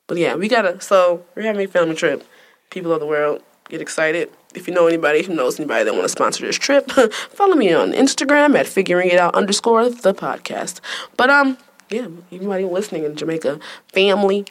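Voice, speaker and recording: Teasing young woman with a lively, swinging voice. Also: fairly low pitch, fast talker. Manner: teasing, laughs often. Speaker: podcast host. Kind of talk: casual family podcast banter.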